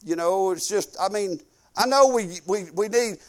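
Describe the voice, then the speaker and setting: Older preacher, high folksy voice. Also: male voice, normal speed. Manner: folksy, conversational preaching that swells into emphatic bursts. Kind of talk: sermon.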